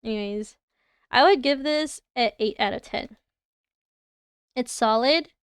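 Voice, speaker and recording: A woman's voice: a little high, measured pace, clear, resonant tone, dry recording, clean studio sound. A young woman with a Canadian accent, chatting casually and giggling as she reacts to viewers on a livestream. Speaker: livestreamer reviewing design work.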